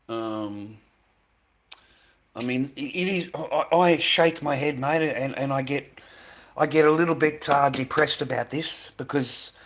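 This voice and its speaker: A middle-aged Australian vlogger rants angrily to camera, swearing a lot, stumbling over words and repeating himself. His voice is mid-range with a fairly bright tone.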